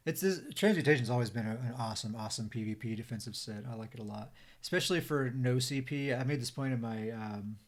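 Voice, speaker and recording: A man hosts a laid-back gaming podcast, walking his friends through game changes. His talk is loose and chatty, full of small fillers, at an ordinary mid pitch. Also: fast, hardly any pauses. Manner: explains game mechanics with many fillers. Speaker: podcast host. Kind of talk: casual gaming podcast discussion.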